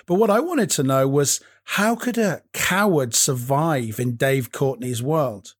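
A male documentary presenter reads his voice-over in a measured, wry way. His pitch sits mid-range. The recording is dry and close, with no room echo. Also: lively intonation. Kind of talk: scripted narration.

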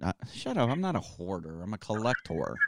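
A man co-hosting a podcast in casual chat, joking and halting with lots of fillers. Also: sits low, huge pitch swings, creaky, no room sound. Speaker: podcast co-host.

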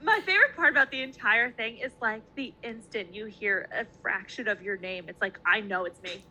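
A woman chiming in with quick reactions during casual chat. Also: mid-range voice, bright, forceful tone, poor audio.

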